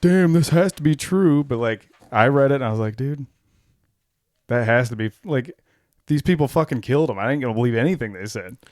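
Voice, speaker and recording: A man co-hosting a casual podcast chat speaks a little fast in a mid-range voice, recorded with clean studio sound and no echo. He reads documents aloud, laughs often and swears as he gets worked up.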